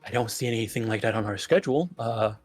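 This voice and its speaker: A man's voice: lowish voice, fast talker, soft background music, lightly acted. Man doing a snooty restaurant receptionist. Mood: flustered. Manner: snooty, fussy.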